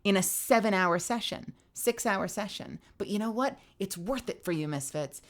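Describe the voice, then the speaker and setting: Woman, young adult, streamer, tired strained voice, animated, laughing, swearing. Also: medium pitch, normal speed. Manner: animated, laughing, cursing freely. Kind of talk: casual stream outro chat.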